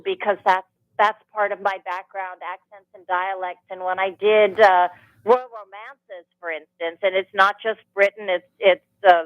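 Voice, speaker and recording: A woman, an author and audiobook narrator, telling animated stories as a guest in a radio studio interview. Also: medium pitch, no room sound, highs cut off. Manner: animated storytelling, rambling with restarts.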